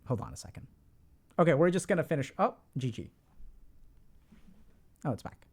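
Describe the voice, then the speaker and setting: A man's voice: fairly high pitch, animated, normal speed, darkish tone. A middle-aged man hosting a livestream, lecturing his chat in a casual, emphatic way and repeating phrases for stress. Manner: informal, talks to chat directly. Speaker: streamer host discussing mental health.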